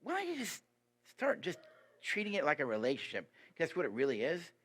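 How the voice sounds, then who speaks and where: A man giving a sermon as a guest preacher, lively and emphatic, putting rhetorical questions to the congregation. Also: fairly quick, breathy edge. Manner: lively and emphatic, pitch rising on key points.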